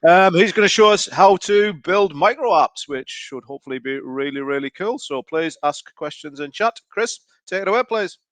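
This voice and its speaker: A man hosts an online event, chatty and self-deprecating as he hands over to speakers. His voice sits on the higher side. The sound is dry and close. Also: lively intonation, normal speed, few pauses, fairly bright tone, no room sound. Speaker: event host. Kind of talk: casual event hosting.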